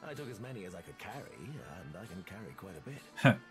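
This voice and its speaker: A restless wandering scholar with a low voice that swings widely as he tells his story. It is video game dialogue. Loud music plays behind him. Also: very animated, a little fast. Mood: wistful.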